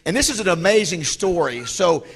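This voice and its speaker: Guy hosting a club talk, quick questions, kinda gravelly, a bit high. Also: big pitch swings, fairly bright tone. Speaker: club host and interviewer. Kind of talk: interviewing a guest on stage.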